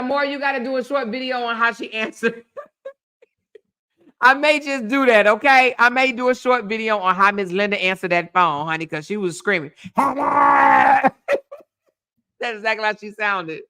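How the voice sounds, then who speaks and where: A woman in her fifties, a blogger chatting casually and reading out viewer comments in a sassy, animated way. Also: on the high side, a little fast, clear, resonant tone. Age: 50s. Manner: sassy, animated, calls listeners honey and baby.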